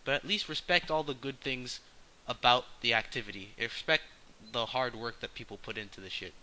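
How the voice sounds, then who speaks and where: Bright-voiced young-sounding man ranting casually. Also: a little fast, low-quality recording. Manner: profane, slangy and blunt; loud and excited early, calmer and lower later. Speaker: vlogger. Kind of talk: casual opinion rant to camera.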